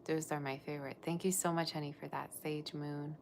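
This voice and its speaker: A woman's voice: sits low, flat delivery, fairly quick, vocal fry, a little hiss or hum. A woman reading tarot on a live stream, gushing over her viewers and chatting loosely between cards. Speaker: tarot reader.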